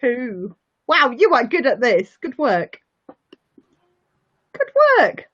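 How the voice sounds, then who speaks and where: A woman with a high-ish, fairly bright, slightly rough voice teaches a phonics lesson to young learners. As their English teacher she speaks slowly and sing-song, cheering them on and praising them often, though the lo-fi audio is muffled.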